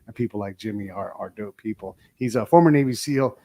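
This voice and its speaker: Brief: male podcast host, slightly low voice, easygoing slang, recorded in a home. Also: fairly quick, warm tone. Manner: laid-back, slangy, upbeat. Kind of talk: casual interview. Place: guest's home.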